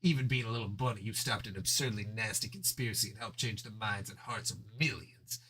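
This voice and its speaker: A man voicing a hurt, bitter male fox in a comic read-aloud, speaking low and subdued. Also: a little fast, bright, forceful tone. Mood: earnest.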